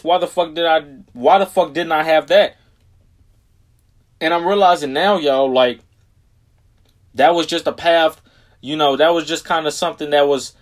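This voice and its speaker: A young man hosting his own podcast, talking casually and rambling, swearing often and slowing right down to stress key phrases. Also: fairly high pitch. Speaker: podcast host. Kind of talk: casual solo podcast talk.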